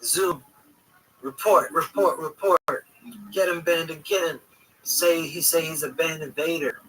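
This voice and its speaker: A man voicing a raging, drunk male streamer villain who shouts curses in a bitter, bullying way. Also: a little high, fairly even intonation, unhurried, slightly rough, distant mic, pitched above the performer's own voice, rough recording. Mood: commanding.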